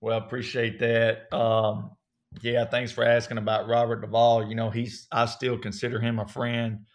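A man in his thirties from North Alabama with a strong Southern accent, a guest telling relaxed, folksy stories in an interview. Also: medium pitch, moderate pace. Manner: relaxed, folksy storytelling with many fillers. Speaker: actor guest. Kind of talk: casual interview.

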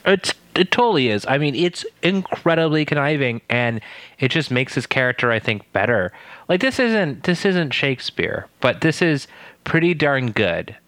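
A man co-hosting a casual podcast, recapping a TV episode with animated, incredulous asides. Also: mid-range voice, moderate pace, no echo. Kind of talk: casual chat.

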